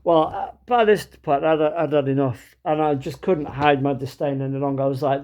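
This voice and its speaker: A man's voice: fairly high pitch, fairly even intonation, normal speed, few pauses, a little mellow. Guy telling a funny story, dry and chatty, lots of uhs and ums. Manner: chatty, wry, lots of fillers. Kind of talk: comic anecdote told to camera.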